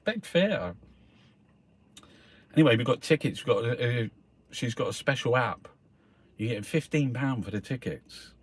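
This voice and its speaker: A man's voice: mid-range voice, moderate pace, breathy edge. A man from South London with a Cockney accent, rambling in a casual monologue, swearing constantly and calling the listener mate. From South London, England. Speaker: host reviewing the newspapers.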